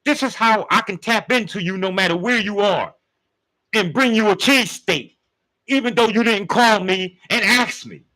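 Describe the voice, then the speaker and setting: A man's voice: high-pitched, normal speed, sharp tone, rough recording. A man giving a casual spiritual talk, using street slang and speaking straight to his listeners. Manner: street slang, conversational, addresses listeners directly. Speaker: spiritual teacher.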